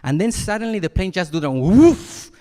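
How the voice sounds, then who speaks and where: A man from Mexico, a Buddhist monk, gives a dharma talk in a fairly high voice. He tells his story with vivid sound effects and acted-out moments. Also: big pitch swings, moderate pace, dark tone.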